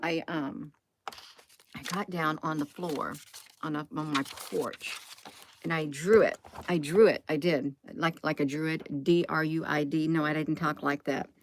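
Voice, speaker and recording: A woman's voice: deep voice, steady tone, unhurried, slight background noise. A woman vlogging into her phone, thinking aloud in a casual, rambling way and often restarting her sentences.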